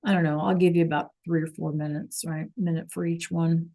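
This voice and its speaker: A woman's voice: low voice, little pitch movement, a little fast, warm tone. A woman teaching a Spanish class over a video call, patient and checking in often with the students.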